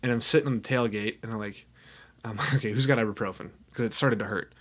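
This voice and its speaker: A man's voice: lowish voice, fast, fairly bright tone. A young adult man, a podcast guest, telling a story in casual chat and laughing often as he talks.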